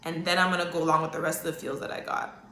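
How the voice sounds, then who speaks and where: A woman's voice: fairly low pitch, level tone, racing, fairly bright tone, echoey room, a little hiss or hum. A woman hosting a solo podcast, chatting casually and talking straight to her listeners with frequent okays. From Canada. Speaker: podcast host. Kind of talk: solo psychic-reading podcast talk.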